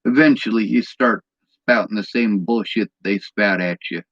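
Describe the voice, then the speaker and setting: A man's voice: fairly low pitch, moderate pace, a bit bright, no room sound, highs cut off. A man in an angry personal vlog rant, bitter and agitated, swearing often.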